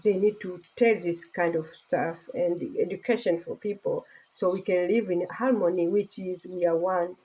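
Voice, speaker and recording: A woman's voice: on the low side, fairly even intonation, moderate pace, hardly any pauses, warm tone, husky, rough recording. Earnest Tanzanian-born woman vlogger. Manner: earnest, speaking broken English with laughter. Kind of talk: casual personal vlog.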